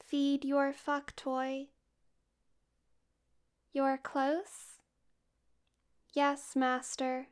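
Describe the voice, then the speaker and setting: An obedient female robot speaks in a slow, flat, mechanical monotone, as a woman puts her on. Her voice sits high and barely moves in pitch. Every line is measured and deliberate, like a programmed servant in an erotic audio role-play. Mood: pleading.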